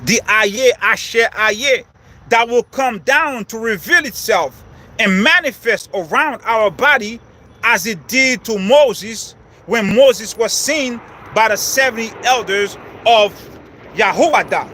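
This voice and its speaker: A man teaching on spiritual matters outdoors in a large park, with slow, emphatic declarations. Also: very high voice, pushed and bright, slight background noise.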